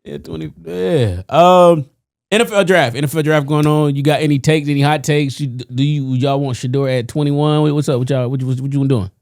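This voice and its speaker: A man's voice: on the high side, fairly even intonation, brisk, creaky, darkish tone, dry recording. Man, young adult, podcast host, joking, laid-back, dry close sound. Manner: laid-back, joking, calls people on speakerphone. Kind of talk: casual chat.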